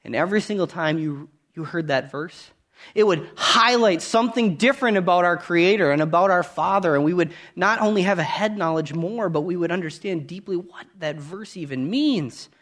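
A thirtysomething man preaches at a moderate pace with a high-pitched voice. His earnest, conversational sermon gets loud for key points and quiet for asides.

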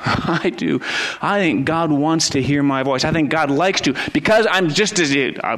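A man's voice: on the high side, normal speed, fairly bright tone. Earnest middle-aged male pastor preaching. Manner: earnest, rising to fervent emphasis, with repeated restarts. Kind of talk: sermon.

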